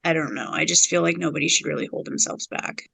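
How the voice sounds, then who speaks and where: Bright-voiced laid-back young woman guest. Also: low-pitched, little pitch movement, fast, creaky, slightly rough, no room sound, rough recording. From Canada. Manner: laid-back and candid, many fillers like "like" and "um". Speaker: podcast guest. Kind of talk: casual interview chat.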